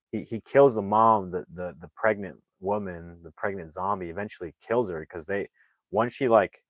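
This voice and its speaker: A man's voice: low voice, no room sound, rough recording. A man recapping a movie plot in a casual, rambling way, full of "like" fillers and restarts. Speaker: movie reviewer.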